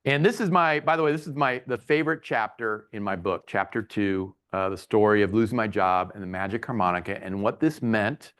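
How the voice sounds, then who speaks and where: A middle-aged man giving a playful webinar talk as a humorist, bursting now and then into loud comic characters. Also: lowish voice, a little fast, few pauses, clear, resonant tone. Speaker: keynote speaker and humorist. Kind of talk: lively webinar presentation.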